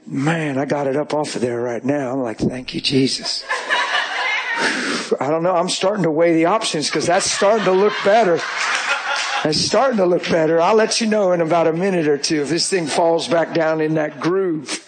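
Man preaching, folksy storytelling, high-pitched, faint background noise. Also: a little fast. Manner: folksy, animated, rising to emphatic shouts. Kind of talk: sermon storytelling.

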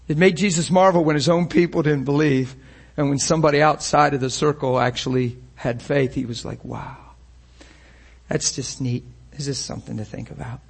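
A man preaching with fervor, firing rhetorical questions at his listeners. His voice sits on the higher side and has a husky, slightly rough edge. He acts out the scenes he describes as he tells them. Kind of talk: sermon.

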